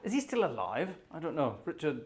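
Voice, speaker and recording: A man's voice: on the high side, wildly swooping pitch, fairly quick, darkish tone. A man hosting a live organ concert stream, chatting casually, thinking aloud and thanking viewers by name. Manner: rambling, chatty, thinks aloud while searching.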